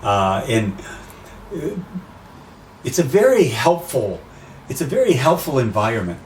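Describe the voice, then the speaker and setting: Animated man, roomy distant sound. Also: unhurried. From USA. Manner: animated, acts out quotes with rising pitch. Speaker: race announcer guest. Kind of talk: casual interview chat. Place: outdoors by the sea. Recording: roomy and distant with faint noise.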